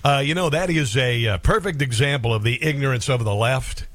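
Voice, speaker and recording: A man's voice: medium pitch, brisk, a bit bright, no room sound. A man hosting a talk radio show, delivering a combative, sarcastic monologue with frequent chuckles.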